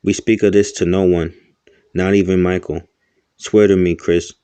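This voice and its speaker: A man's voice: deep voice, flat delivery, moderate pace, warm tone, clean tone, no room sound, lightly acted. Man reading as Lizzie, a commanding seductress.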